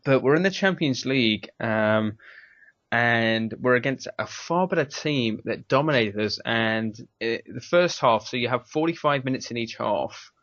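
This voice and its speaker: A man's voice: medium pitch, expressive, moderate pace, fairly bright tone, no room sound. A man with an English accent hosting a casual podcast chat, rambling and laughing often. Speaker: podcast host. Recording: dry, dull lo-fi mic.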